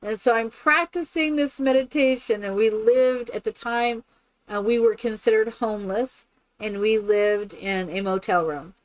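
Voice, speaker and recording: A woman streaming a game who chats casually and tells stories in an animated way. She laughs often and keeps asking "right?". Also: fairly high pitch, measured pace. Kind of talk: casual chat while playing a game.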